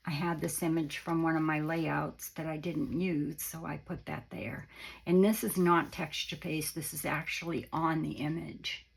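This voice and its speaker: A woman hosting a casual, chatty craft tutorial with a croaky voice, explaining steps as she goes and correcting herself along the way. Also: sits low, little pitch movement, a little slow, low-quality recording. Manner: chatty, meandering, self-correcting. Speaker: craft channel host.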